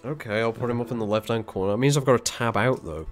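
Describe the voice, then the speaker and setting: A man's voice: medium pitch, quick pace, soft background music. A man hosting a game stream, chatting casually and grumbling wryly about loading problems. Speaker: streamer host. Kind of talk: casual gaming stream chat.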